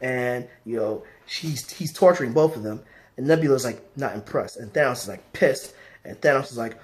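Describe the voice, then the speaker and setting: A man's voice: mid-range voice, moderate pace. A man vlogging a casual comic book story recap, rambling with lots of fillers. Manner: rambling, many fillers like "you know" and "basically".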